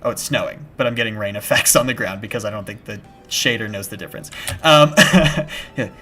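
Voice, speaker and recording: A young man chatting casually on a live gaming stream, rambling and restarting his sentences, with bursts of shouted panic. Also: fairly low pitch, a little fast. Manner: rambling and self-interrupting, with sudden shouted panic at scares. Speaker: game streamer. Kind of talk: casual live-stream chat while playing. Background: background music.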